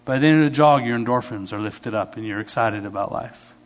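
Animated male pastor preaching. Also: brisk. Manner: animated storytelling with sudden swings in pitch and loudness. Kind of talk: sermon.

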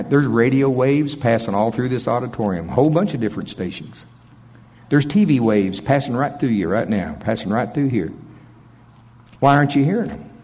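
A middle-aged male pastor with a husky voice preaches in a folksy, plainspoken way and chuckles between his stories. His voice carries the long reverb of a large auditorium, picked up through a stage mic. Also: medium pitch, darkish tone. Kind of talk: conversational sermon with storytelling.

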